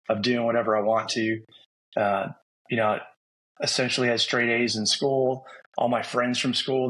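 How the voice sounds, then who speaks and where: A man's voice: medium pitch, poor audio. A middle-aged man from Rhode Island with a faded New England accent, a sergeant major guest telling his story matter-of-factly. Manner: even-toned, matter-of-fact storytelling. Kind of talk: casual interview chat.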